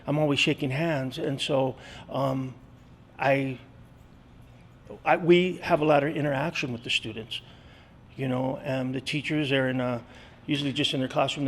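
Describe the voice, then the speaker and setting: A school custodian in his sixties, talking earnestly in an interview with many pauses and fillers. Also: mid-range voice, a little hiss or hum. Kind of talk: interview storytelling.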